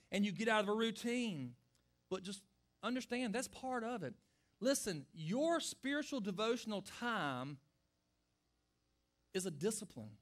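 A middle-aged male pastor delivers a sermon answering listeners' questions, speaking earnestly and conversationally and putting direct questions to the congregation. His voice sits high and a bit bright.

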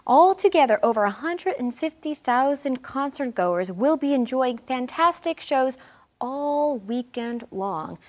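Woman co-hosting an english lesson, cheerful, a bit high voice, clear examples. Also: expressive, moderate pace, few pauses, darkish tone. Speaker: co-host of an English lesson show.

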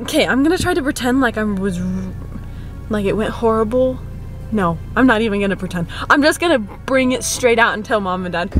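A teenage girl with a high voice vlogs to camera, talking fast and eagerly to her viewers. Light music plays faintly behind her. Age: teens. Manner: excitable, gushing, addresses viewers as guys. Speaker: vlogger. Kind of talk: casual vlog talk to camera.

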